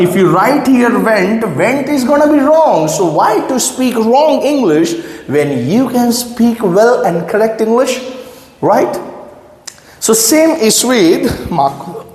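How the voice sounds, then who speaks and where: Male grammar teacher at a board, lively delivery, repeats key points, echoey classroom sound. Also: sits high. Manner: checks in often with the listener, repeats key phrases; writes on a board while explaining. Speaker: English teacher. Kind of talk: classroom-style grammar lesson. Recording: echoey room with long reverb.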